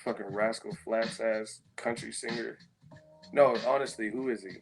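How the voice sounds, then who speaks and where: A man's voice: on the low side, fairly even intonation, moderate pace, gravelly, music in the background. A man hosting a live-stream chat, rambling and profane as he riffs on viewer comments. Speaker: host.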